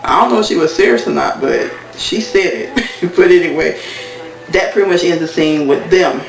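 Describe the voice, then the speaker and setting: A man's voice: on the high side, lively intonation, normal speed, vocal fry, soft background music. A man casually retelling a TV episode in a rambling way full of fillers, in an echoey room with the mic at a distance. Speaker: TV recap vlogger.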